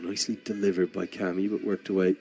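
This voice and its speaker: Low-voiced male cricket commentator. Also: flat delivery, quick pace, dark tone, soft background music. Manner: rambling storyteller with frequent restarts. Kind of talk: live commentary mixed with a chatty anecdote.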